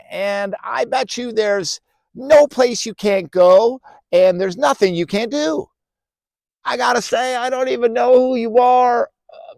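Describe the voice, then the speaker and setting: A man doing an excited, shouting little ant. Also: creaky, dry recording, exaggerated voice. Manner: excited shouting, high and loud. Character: small curious ant, amazed and eager.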